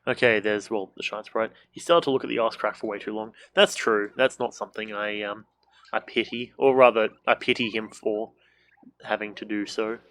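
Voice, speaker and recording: A man's voice: lowish voice, fairly even intonation, moderate pace, a bit bright. Joking young male game streamer. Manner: joking, swearing, makes sound effects like boing and bonk. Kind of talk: casual let's-play commentary.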